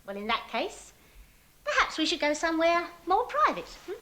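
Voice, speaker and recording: A saucy Cockney wench. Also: female voice, extremely high pitch, wildly swooping pitch, moderate pace, pushed and bright, heavily acted.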